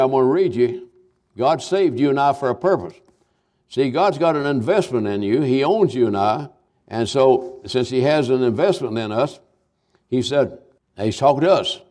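A man's voice: mid-range voice, expressive, normal speed, darkish tone. An older man from Kentucky preaching a folksy revival sermon, with many restarts and fillers.

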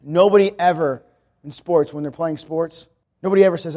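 A man's voice: a little high, steady tone, fairly quick, warm tone. A young man preaching a sermon, emphatic and repetitive, building his points around a repeated refrain.

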